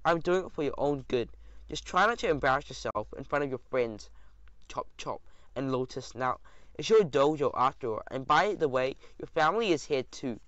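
A man's voice: mid-range voice, animated, moderate pace, a bit bright, no room sound, close to an everyday voice. A man voicing a brash male mouse karate showman who scolds and orders others around. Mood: brisk, bossy. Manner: bossy, scolding. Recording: dull lo-fi recording.

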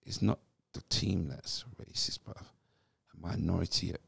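British guy in his 50s, very gravelly low voice, husky, animated storyteller, dry sound. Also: a little slow, no echo. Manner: animated storyteller acting out what people said. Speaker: guest, former footballer. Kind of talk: storytelling interview.

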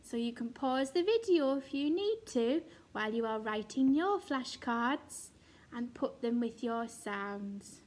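A woman's voice: a little high, expressive, a little slow, darkish tone. A woman teacher giving a recorded phonics lesson to young children, sounding out letters and praising in a sing-song, encouraging way. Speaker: reception class teacher.

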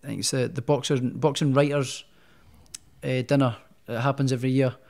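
A man's voice: medium pitch, steady tone, fairly quick, a little mellow. A man, a boxer, telling his story as a podcast guest in a chatty, rambling way. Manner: chatty, rambling, many restarts. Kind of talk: casual storytelling in a podcast interview.

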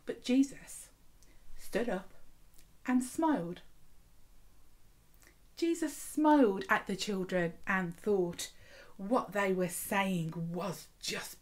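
A woman vicar telling a story and leading a school assembly in an expressive storytelling manner. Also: on the high side.

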